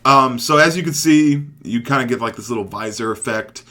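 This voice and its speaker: Young male gaming commentator, casual and excitable, swings between low asides and sudden loud hype. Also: fairly quick.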